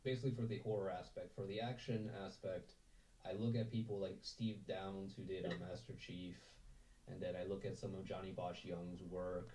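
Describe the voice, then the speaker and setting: A man's voice: deep voice, level tone, normal speed, dark tone, recorded from a distance, a little hiss or hum, low-quality recording. A man chatting casually on a video call, rambling on and often repeating "right there". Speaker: voice-acting community member.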